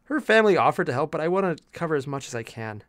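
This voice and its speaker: A young man chatting with his live-stream viewers as he paints miniatures, joking freely. His voice sits a bit high and swings around a lot, and the sound is close and dry. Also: rapid-fire, no echo. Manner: animated, jokey, chatty with viewers. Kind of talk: casual live-stream chat.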